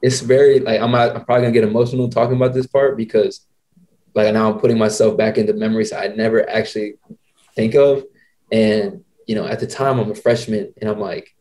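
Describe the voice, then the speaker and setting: A man in his twenties with a dark, mellow voice hosts a podcast and tells a long story in a casual way. He talks in an animated, slangy manner. He keeps quoting himself and others as he goes. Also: on the low side, brisk. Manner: animated, slangy, quotes people in his stories. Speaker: podcast host.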